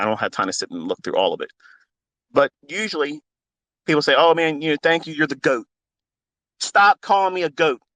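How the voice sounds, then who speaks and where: A man's voice: a little high, bright, forceful tone, no echo. Fervent middle-aged man preaching into a phone. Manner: fervent and preachy, swears casually. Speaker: trading mentor. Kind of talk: impassioned spoken monologue.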